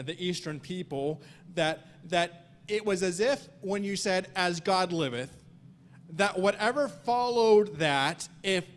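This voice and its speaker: In a slightly noisy room, a man with a high-sitting voice earnestly leads a Sunday school Bible study. He often repeats and restarts words as he reads scripture aloud in old-fashioned wording.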